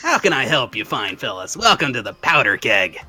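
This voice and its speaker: Shady coughing inventor-fixer voiced by a man, lively swings in pitch, bright tone. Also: normal speed, soft background music. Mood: scheming. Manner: wheezy, coughing, wheeling-dealing.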